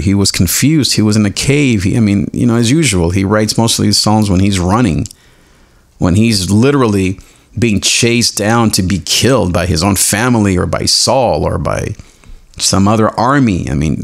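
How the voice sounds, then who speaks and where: A man hosting a devotional podcast, animated and self-mocking, who explains Hebrew words slowly and laughs often. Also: on the low side, creaky. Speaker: podcast host.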